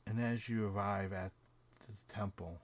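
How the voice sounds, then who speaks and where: Slow, halting game master narration. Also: male voice, on the low side, steady tone, a little hiss or hum. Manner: slow, hesitant scene narration with fillers.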